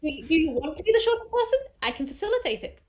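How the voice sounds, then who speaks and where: A woman's voice: extremely high pitch, big pitch swings, rapid-fire, pitched above the performer's own voice. A woman playing a brash, protective toon aunt in a tabletop role-play, talking in boisterous, playful threats. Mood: playfully menacing.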